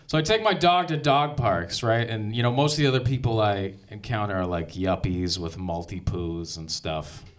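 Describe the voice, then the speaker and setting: A man doing a stand-up set on a comedy club stage, telling deadpan stories. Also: lowish voice, moderate pace, hardly any pauses. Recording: loud crowd laughter. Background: audience laughter.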